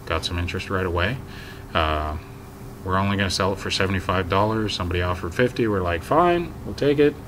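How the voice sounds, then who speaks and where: A man's voice: steady tone, fast talker, noisy background. A man telling a story straight to camera in a rambling, exasperated way, full of ums and "so anyways.". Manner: gets loud and high when quoting his own yelling. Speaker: vlogger.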